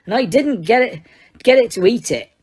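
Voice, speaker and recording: A huge bearded gamekeeper with blunt, dialect-heavy talk, as a woman reads him in a storybook audiobook. The voice sits higher and louder than her plain narration. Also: lively intonation, moderate pace, husky. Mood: gruff. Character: huge gruff bearded gamekeeper man, secretive.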